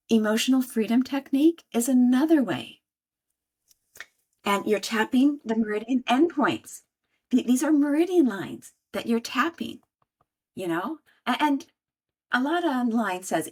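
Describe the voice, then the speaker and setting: A middle-aged woman sharing her healing story in conversation, animated and acting out her own inner voice. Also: a little high, moderate pace, husky. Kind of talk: conversational interview talk.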